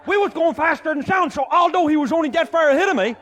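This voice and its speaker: An older man telling a comic tall tale, boisterous and loud, often laughing as he talks. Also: extremely high pitch, quick pace, a little hiss or hum. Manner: boisterous, often shouting and laughing mid-sentence. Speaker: storyteller.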